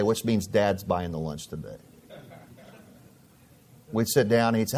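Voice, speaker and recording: A man's voice: fairly low pitch, moderate pace, long pauses, darkish tone. A middle-aged man preaching a sermon as a pastor, telling stories in a conversational way and often repeating his phrases.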